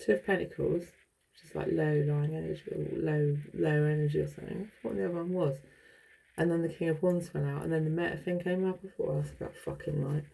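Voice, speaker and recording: Gravelly, sweary woman. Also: sits low, steady tone, fast. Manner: blunt, sweary, jokey. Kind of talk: casual rambling chat. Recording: distant mic, loud background noise.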